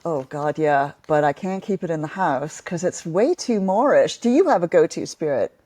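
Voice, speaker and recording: A woman's voice: low voice, animated, moderate pace, warm tone. Chatty, laughing middle-aged English woman. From England. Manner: chatty, laughs often, self-deprecating. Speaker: guest, comedy writer. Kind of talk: casual podcast interview.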